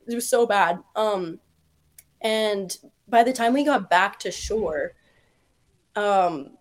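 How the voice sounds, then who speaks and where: A woman's voice: mid-range voice, slow. A young woman telling a story as a podcast guest, rambling with lots of likes and ums and laughing as she goes. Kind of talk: casual storytelling chat.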